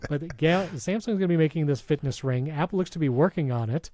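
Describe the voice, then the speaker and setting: Male podcast host, casual tech chat, enthusiastic, mellow tone, dry close sound. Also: on the high side, no echo. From Hispanic background. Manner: enthusiastic, reads sponsor spots with quick asides.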